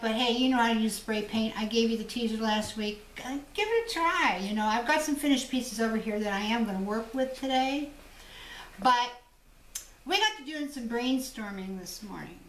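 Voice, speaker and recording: A woman with a fairly high, slightly bright voice speaks at a moderate pace over faint background noise. She's a jewelry designer hosting her own jewelry-making channel, chatting casually with viewers, telling stories and laughing easily. She's in a room of her home shop, recorded with a distant mic in an echoey space.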